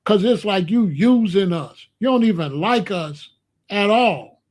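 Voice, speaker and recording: A man's voice: sits high, expressive, unhurried, a little mellow. A man, hosting a heated, blunt commentary rant full of slang. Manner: angry, blunt, slangy, repetitive. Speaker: commentary channel host.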